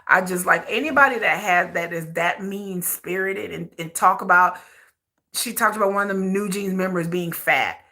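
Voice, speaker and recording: A woman's voice: lowish voice, moderate pace, sharp tone. A woman hosting a commentary channel, delivering blunt, emphatic opinions in a repetitive style.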